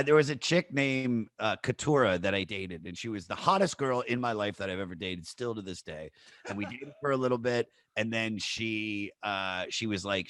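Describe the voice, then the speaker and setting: A man in his thirties hosting a podcast, telling a crude, animated story full of fillers. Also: lowish voice, no room sound, clean studio sound. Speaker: podcast host. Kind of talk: casual storytelling chat.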